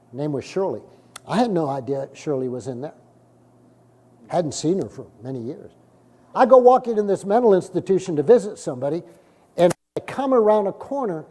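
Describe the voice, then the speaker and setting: A middle-aged male pastor preaching a sermon, telling stories and acting out the dialogue, with sudden loud bursts. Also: fairly high pitch. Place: church sanctuary. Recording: long hall reverb from a church.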